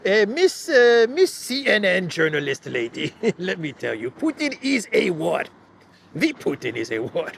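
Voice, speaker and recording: A man putting on the voice of a foreign male president who speaks broken, emphatic English with drawn-out "eh" sounds. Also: high-pitched, huge pitch swings, gravelly, a bit bright, a little hiss or hum, voice pushed up, full character voice. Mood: insistent.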